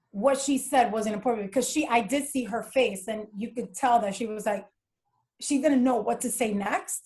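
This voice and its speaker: Animated woman guest, higher voice. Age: adult with children. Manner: animated, acts out dialogue from her stories. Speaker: podcast guest. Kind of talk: casual interview talk.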